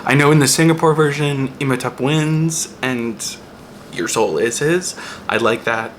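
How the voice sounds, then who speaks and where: A young man vlogging a casual, profane rant-style review with sudden loud outbursts. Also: medium pitch, measured pace. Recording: noticeable background noise.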